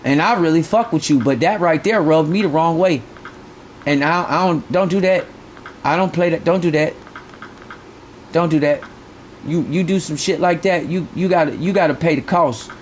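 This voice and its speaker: Male live game streamer, high-pitched voice, blunt and profane, repeats himself mid-rant, faint ambient noise behind. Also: normal speed.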